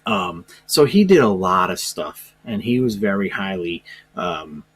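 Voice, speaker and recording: Teacher type, male, low husky voice, chatty and unpolished, talks through a history lesson with lots of ums. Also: big pitch swings, unhurried, fairly bright tone. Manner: rambling, hesitant, lots of fillers and restarts. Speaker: social studies teacher. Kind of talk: informal classroom lecture.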